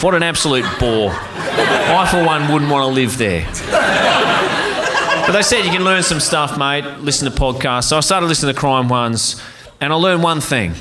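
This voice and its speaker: A man doing a stand-up set, with a sardonic, dry delivery. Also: fairly high pitch. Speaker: stand-up comedian. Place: comedy club stage before a live audience. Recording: live set with loud crowd noise.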